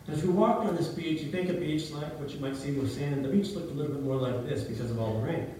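A man's voice: a little high, fast talker, mellow, slight background noise. A middle-aged man, a pastor, preaching a sermon and telling a story, often asking his congregation questions. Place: church hall. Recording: very echoey hall, heard from a distance.

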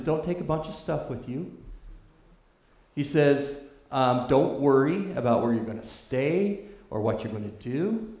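A man's voice: medium pitch, darkish tone, echoey room. A man from California preaching a sermon and telling a story in a loose, conversational way, with frequent fillers.

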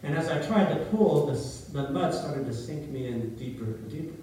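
With a mellow, mid-range voice, a middle-aged pastor speaks animatedly at a moderate pace, preaching and telling a story while often asking his congregation questions. A little hiss or hum runs underneath. The church hall is very echoey and the mic is distant.

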